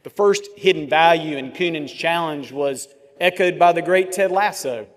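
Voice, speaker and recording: Man in his forties, commencement speech, slightly high voice, long hall reverb. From Georgia, US. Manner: measured oratory with dramatic pauses and vivid storytelling. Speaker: commencement speaker. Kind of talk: commencement address. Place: large ceremony venue. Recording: long reverb of a large venue.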